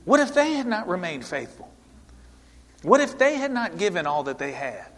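A man's voice: high-pitched, very animated, normal speed, fairly bright tone. A male pastor preaching an earnest, emphatic sermon to his congregation in a church. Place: church sanctuary. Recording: long hall reverb.

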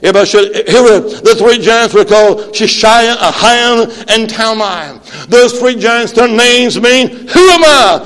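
A man in his late sixties with a high-pitched voice preaches a Pentecostal sermon in a church sanctuary. He calls on the congregation for amens and breaks into shouts and sung-out lines. His voice rings with a long hall reverb. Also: a little slow, few pauses. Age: 60s.

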